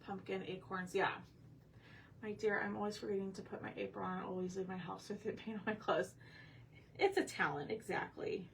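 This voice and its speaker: A woman's voice: medium pitch, steady tone, fairly quick, creaky, recorded from a distance. A woman hosting a craft livestream, chatting casually with her viewers while she paints. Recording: voice a bit off-mic with faint room noise.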